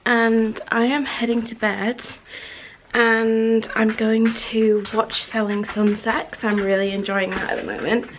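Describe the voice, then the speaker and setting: A young woman vlogging at home in a chatty, excitable way, then giving a calm advice chat. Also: fairly high pitch, noisy background. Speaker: lifestyle vlogger. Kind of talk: casual vlog narration. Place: cosy home living room.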